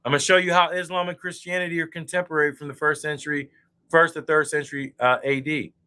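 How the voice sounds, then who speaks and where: A boastful man rants in a loose, profane online chat while drinking beer. His voice sits a little high and comes out bright and tense. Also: fast, smooth. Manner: boastful, profane, animated ranting. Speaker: guest speaker. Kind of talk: heated casual debate chat.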